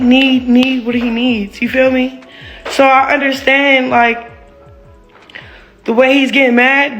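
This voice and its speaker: A woman's voice: high voice, a bit bright. Woman venting heatedly, profane and rambling. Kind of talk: candid venting monologue.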